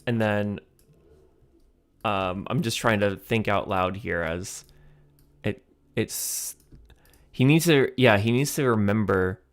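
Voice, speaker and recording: A man's voice: fairly low pitch, slow pace, long pauses, no echo. A man hosting a livestream, thinking aloud while writing a comedy sketch, hesitant with many ums and chuckling as he reads lines aloud.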